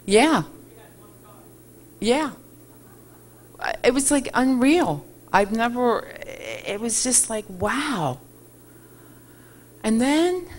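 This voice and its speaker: Animated middle-aged woman giving a testimony. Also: mid-range voice, a little hiss or hum. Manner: animated storyteller, acts out quoted dialogue. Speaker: ministry worker giving testimony. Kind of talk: spoken testimony to a congregation.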